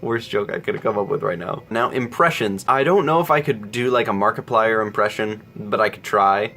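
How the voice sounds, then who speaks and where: A man's voice: on the low side, brisk, hardly any pauses, pushed and bright, faint music behind. A young man hosting a casual Q&A vlog, rambling and self-deprecating, chuckling often. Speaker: YouTube channel host.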